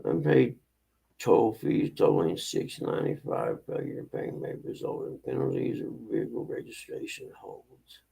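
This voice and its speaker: Gravelly man hosting a casual live stream. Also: medium pitch, very animated, moderate pace, mellow, poor audio. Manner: chatty, greets viewers by name. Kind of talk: casual live-stream chat, reading out messages.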